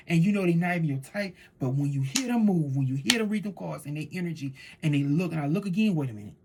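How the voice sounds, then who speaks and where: Husky-voiced woman preaching fervently. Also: on the low side, fast talker, few pauses. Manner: fervent, preachy, swings between loud declarations and hushed asides. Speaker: tarot reader. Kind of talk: casual spiritual monologue.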